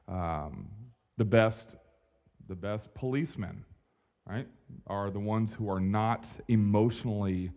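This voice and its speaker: A young adult man preaching a sermon from a church stage, in a casual, animated way with slang and asides to the congregation. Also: on the low side, dull audio. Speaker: pastor.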